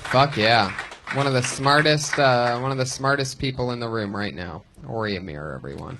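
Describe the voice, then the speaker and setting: A man's voice: mid-range voice, normal speed, crowd noise, background noise. A man hosting a live comedy show, brash and profane as he roasts the guests. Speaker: host.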